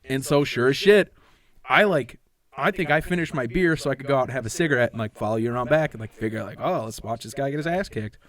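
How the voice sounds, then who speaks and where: A man's voice: mid-range voice, fast talker. A man co-hosting a podcast, telling a concert story in casual, profane chat and acting out what people said. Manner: profane, animated storytelling with acted quotes. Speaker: podcast co-host.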